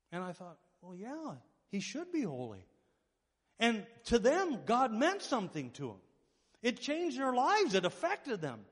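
A pastor delivers a sermon in a high, slightly breathy voice that fills a big room. He tells his stories with lots of energy, acting out the voices of the people in them.

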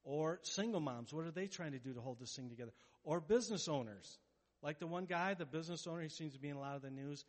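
A man preaching a sermon as pastor, animated and playful, acting out the voices of worried people. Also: on the high side, fast talker. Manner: animated, acts out quoted voices, jokes. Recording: long hall reverb.

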